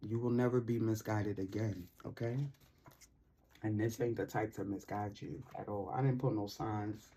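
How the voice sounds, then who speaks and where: A woman giving a casual tarot reading, talking in an animated, slangy, playful way and laughing often. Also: a bass voice, moderate pace, a little hiss or hum. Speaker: tarot reader.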